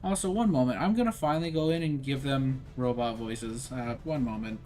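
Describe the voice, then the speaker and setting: A man's voice: mid-range voice, fairly quick, a little mellow, a little hiss or hum. A man casually commenting while he plays a strategy game, rambling and self-deprecating as he thinks aloud. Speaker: gaming streamer. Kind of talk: casual let's-play commentary.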